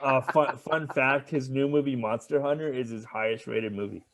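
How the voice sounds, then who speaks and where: A man with a mid-pitched, ordinary voice banters on a podcast. He teases the others and plays the know-it-all. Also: steady tone, normal speed, a bit bright. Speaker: podcast co-host. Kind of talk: casual banter.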